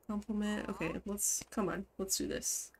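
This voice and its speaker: A woman's voice: mid-range voice, fairly even intonation, normal speed, a crowd in the background. A woman streamer giving casual live commentary on a life-simulation game, bursting into laughter and scolding her game characters.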